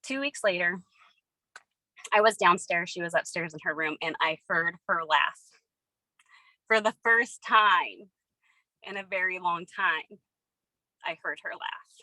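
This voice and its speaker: A woman's voice: fairly low pitch, a little slow, long pauses, bright, forceful tone, no room sound, poor audio. A woman giving an earnest, emotional personal testimony over a video call. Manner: earnest, tearful, storytelling. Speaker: testimony speaker.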